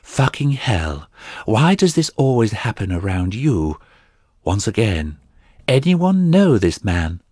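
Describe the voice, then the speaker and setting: A man's voice: fairly low pitch, lively intonation, slow pace, a little mellow, slightly rough, no echo, clean studio sound, heavily acted. A man voicing a stern male priest who barks rulings and warnings at duelling fighters in an audiobook. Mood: exasperated.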